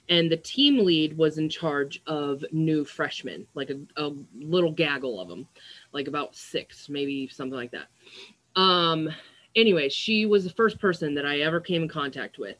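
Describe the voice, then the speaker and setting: A young adult woman with a deep, fairly bright voice records a casual, diary-style vlog. She rambles, filling her talk with frequent "like" and "um."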